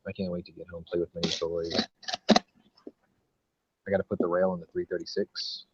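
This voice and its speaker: A man hosting a casual podcast chat, relaxed, laughing often and swearing freely. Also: low voice, normal speed, lo-fi sound, noisy background. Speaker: podcast host.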